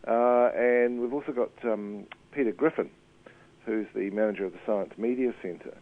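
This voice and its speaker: A man's voice: fairly low pitch, moderate pace. New man on a tinny phone line. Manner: hesitant, many fillers and restarts. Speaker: media commentator guest. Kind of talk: casual radio chat.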